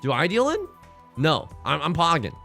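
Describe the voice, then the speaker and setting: A young man giving casual gameplay commentary as a let's play host, swinging between fretting mutters and excited outbursts. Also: on the high side, moderate pace, faint music behind.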